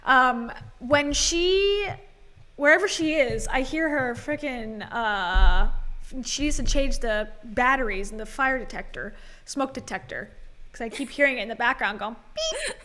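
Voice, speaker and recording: A woman co-hosts a casual livestream, making dry, sarcastic asides. Her voice is very bright and sits fairly high. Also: unhurried. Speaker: co-host.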